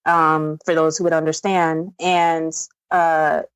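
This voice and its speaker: A woman's voice: deep voice, level tone, slow pace, clear, resonant tone, no echo. A woman in her thirties from upstate New York, a podcast guest telling family stories in casual chat, with fillers and easy laughter. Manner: warm storytelling with frequent laughs and fillers.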